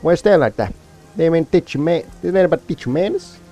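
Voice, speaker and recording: A man's voice: lively intonation, a little fast, dark tone, faint music behind. A man voicing a small, fierce and prickly female orc from a video game, reading her lines aloud in a raised voice. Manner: read aloud from on-screen dialogue, raised pitch.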